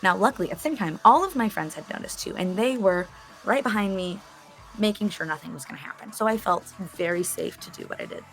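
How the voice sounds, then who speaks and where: A young woman telling a story as an interview guest, animated and chatty, laughing and swearing as she goes. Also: medium pitch, fast talker, faint music behind. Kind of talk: casual storytelling.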